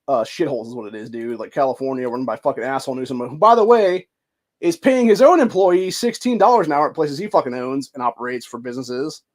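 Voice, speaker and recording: Profane, ranting man, fairly high voice. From Ohio, US. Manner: profane, heated, swears constantly and says dude; reads news and comments aloud. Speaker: podcast host.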